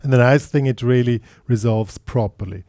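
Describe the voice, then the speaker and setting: A man teaching guitar, explaining in halting bursts with restarts, counting beats aloud as he plays and checking in with the listener. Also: mid-range voice. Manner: checks in with the listener after points. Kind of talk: guitar tutorial. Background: loud guitar playing.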